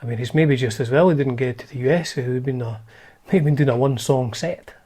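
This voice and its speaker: A man's voice: mid-range voice, brisk, mellow, breathy edge. A man hosting a guitar channel, chatting casually and wryly through old magazines, with lots of fillers and restarts.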